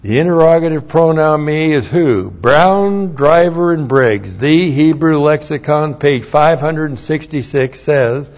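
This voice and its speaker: A pastor teaching through a Bible passage word by word, spelling out terms letter by letter, with dry humorous asides. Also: male voice, on the high side, expressive, a little mellow. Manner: slow, emphatic, spells out words letter by letter. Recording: dull lo-fi recording.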